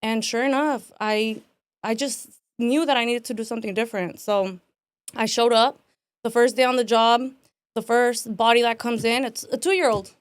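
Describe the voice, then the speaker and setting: A woman in her twenties with a somewhat high voice tells her own story as a podcast guest. She talks casually, acts out what people said, and fills her speech with "like" and "man." The sound is dry and close. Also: moderate pace, smooth, no room sound. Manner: animated, acts out quotes, frequent "like" and "man".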